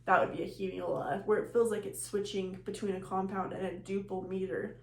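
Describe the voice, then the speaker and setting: A woman's voice: mid-range voice, fairly even intonation, fast, hardly any pauses. A woman giving a recorded music lecture, explaining rhythm terms plainly and counting beats aloud. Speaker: music teacher. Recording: echoey room with faint hum.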